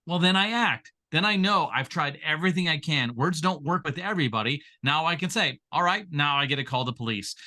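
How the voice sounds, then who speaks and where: A man's voice: mid-range voice, bright, forceful tone. A man leading a training session over a video call, teaching in an earnest, repetitive, emphatic way.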